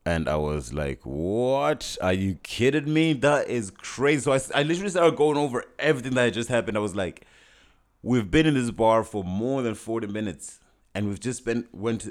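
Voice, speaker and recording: A young man with a very low, deep voice tells a personal story in a loose, casual way. He talks in an animated rush, restarting sentences and acting out what people said. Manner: animated, frequent restarts and quoted dialogue.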